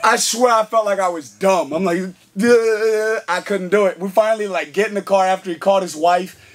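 Guest: young man, high voice, excitable storyteller who acts out the lines. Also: fast talker. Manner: excitable, filler-heavy, acts out quotes. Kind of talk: casual storytelling.

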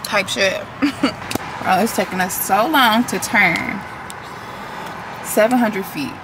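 A woman's voice: medium pitch, slow pace. A young woman chatting casually to her vlog camera while driving in city traffic, sounding a little nervous and laughing between thoughts. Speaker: vlogger. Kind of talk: casual car vlog chat. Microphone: camera on a car tripod. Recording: loud road noise.

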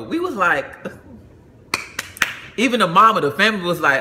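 A young adult man from Atlanta telling a personal story in a casual, animated way, jumping into high voices for the people he quotes. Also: a little slow, long pauses, a little hiss or hum.

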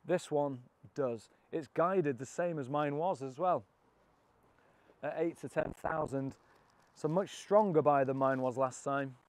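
A British man with a fairly high voice guides viewers around a classic car auction. He gushes over each car with cheeky asides and quick jokes, sounding thrilled by everything he sees. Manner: enthusiastic, cheeky and jokey. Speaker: car vlogger. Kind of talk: walkaround presenting.

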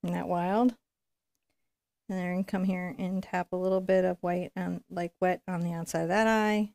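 A woman's voice: fairly low pitch, level tone, normal speed, vocal fry, darkish tone, dry recording. A woman giving a live painting tutorial, chatting and encouraging as she works and thinking aloud. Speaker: painting instructor.

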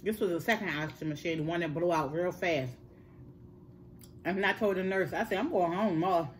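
An older woman, telling a personal story in casual chat, animated and repeating words for emphasis. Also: on the low side, brisk, a little hiss or hum. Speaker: host.

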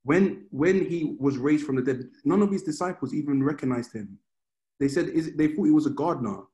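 Man preaching in a relaxed, chatty way. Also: on the high side, a little fast, low-quality recording. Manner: informal, storytelling, often restarts phrases. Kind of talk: conversational sermon.

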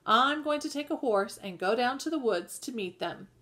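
A woman reading the part of a calm, sturdy middle-aged farm wife who talks eagerly but sensibly. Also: a little high, moderate pace, voice pushed up. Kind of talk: audiobook reading.

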